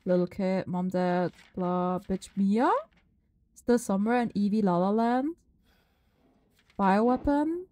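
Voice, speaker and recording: A woman's voice: medium pitch, takes it slowly, pauses often, dark tone, dry recording, low-quality recording. A woman live-streaming a horror game, chatting with viewers, swearing freely and shrieking at scares.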